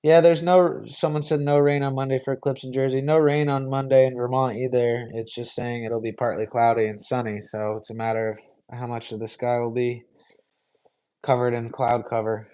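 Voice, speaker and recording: Young man, even monotone voice, casual live Q&A, easygoing, lots of ums. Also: mid-range voice, moderate pace, clean tone, rough recording. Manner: rambling, easygoing, many fillers. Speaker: live stream host.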